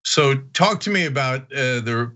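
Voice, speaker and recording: A man hosting a political debate, emphatic and animated as he pushes back bluntly. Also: mid-range voice, a little slow. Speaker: show host.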